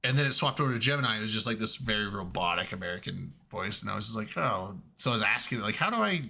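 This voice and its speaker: Brief: bright, profane male co-host, casual storytelling. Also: fairly low pitch, gravelly, slight background noise. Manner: profane, storytelling, quick bursts. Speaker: podcast co-host. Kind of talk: casual chat while gaming.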